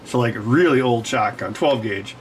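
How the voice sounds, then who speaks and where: Man, casual livestream chat, digressive, self-correcting, medium pitch, faint background hum. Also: normal speed, poor audio. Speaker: livestream host. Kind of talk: rambling casual chat while working.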